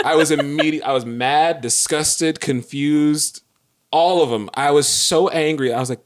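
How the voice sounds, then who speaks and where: A man co-hosting a podcast, telling a story in a casual chat, animated and laughing, acting out the quotes in quick bursts. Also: mid-range voice. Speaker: podcast co-host.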